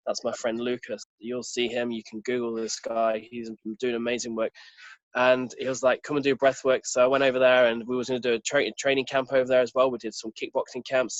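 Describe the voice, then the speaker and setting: A man's voice: mid-range voice, no echo, low-quality recording. Earnest man telling a personal story. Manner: earnest, animated retelling with quoted dialogue. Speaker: podcast guest.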